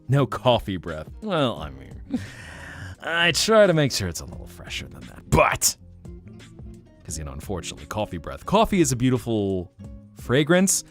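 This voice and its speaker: A man hosting a relaxed live stream, chatting with viewers in a soft-spoken, musing way. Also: mid-range voice, measured pace, faint music behind. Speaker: livestream host.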